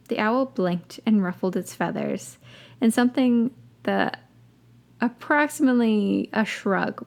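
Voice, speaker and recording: A woman's voice: medium pitch, measured pace, creaky. A woman hosting a podcast, reading a story aloud and breaking off for wry, dry asides. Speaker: podcast host reading fan fiction.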